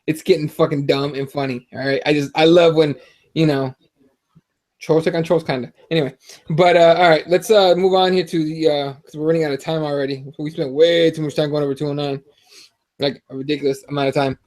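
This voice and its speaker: A man's voice: a little high, steady tone, brisk, darkish tone. A man hosting a sports podcast in casual, profane, joking chat. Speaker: podcast host.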